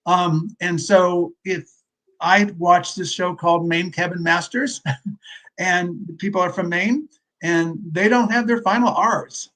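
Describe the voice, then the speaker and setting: High-voiced man explaining reading instruction. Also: steady tone, slow, fairly bright tone. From US West Coast. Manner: explanatory, conversational. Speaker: literacy expert guest. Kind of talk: casual panel discussion.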